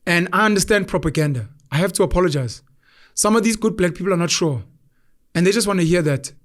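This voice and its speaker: A man's voice: sits high, expressive, fast. A young South African man hosting a podcast, telling stories animatedly and acting out quoted voices. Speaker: podcast host. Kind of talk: casual conversation.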